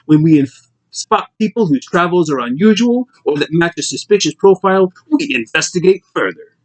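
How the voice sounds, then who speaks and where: A man voicing a smooth, bureaucratic male cop with an officious, formal manner. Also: fairly high pitch, animated, moderate pace, voice pushed up, lightly acted, rough recording.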